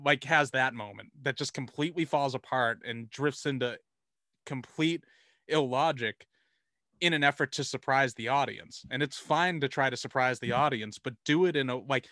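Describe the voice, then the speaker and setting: A man's voice: medium pitch, pushed and bright, no echo, clean studio sound. A man hosting a casual film discussion, rambling and profane, restarting his sentences often.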